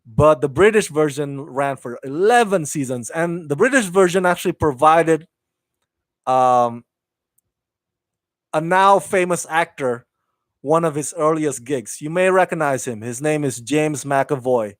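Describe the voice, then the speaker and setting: A man with a somewhat high voice hosts an entertainment news live stream. He chats loosely and eagerly, often restarting his sentences. The sound is close and dry, with no room around it. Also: a little slow, no echo. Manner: enthusiastic, rambling, with frequent fillers and restarts. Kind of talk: casual live-stream chat reading viewer comments.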